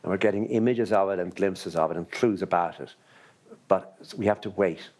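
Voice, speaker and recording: A man's voice: deep voice, a little fast, darkish tone. An Irish man hosting a literary book club conversation, thinking aloud with many ums and restarts. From Ireland. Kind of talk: literary conversation before an audience.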